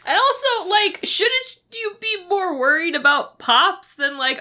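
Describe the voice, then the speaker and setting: A woman co-hosting a casual recap chat, animated and blunt, swearing freely. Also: very high voice, unhurried. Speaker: podcast co-host.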